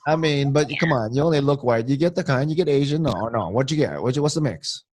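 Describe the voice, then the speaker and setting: A man's voice: mid-range voice, expressive, quick pace, darkish tone, dry recording. A man from Hawaii, hosting a casual chat and rambling and teasing with many restarts. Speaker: podcast host.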